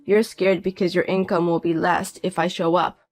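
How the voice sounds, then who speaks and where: A man's voice: high voice, flat delivery, normal speed, soft background music. A man in his fifties voicing a broke, desperate ex-husband who talks in a pleading, self-pitying way, in a narrated audio drama. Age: 50s.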